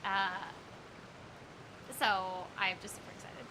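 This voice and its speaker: A woman's voice: medium pitch, flat delivery, slow pace, background noise. A woman from the United States chatting casually and giggling on a game stream as its host. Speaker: streamer and voice actor. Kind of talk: casual chat while gaming.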